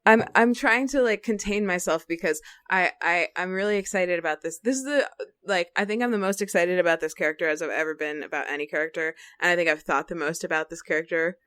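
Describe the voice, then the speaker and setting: Chatty podcast lady, kinda low voice, rambles and restarts a lot. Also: fast, a bit bright, clear, resonant tone. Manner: rambling, lots of "like" fillers and restarts. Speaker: podcast co-host. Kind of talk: casual chat.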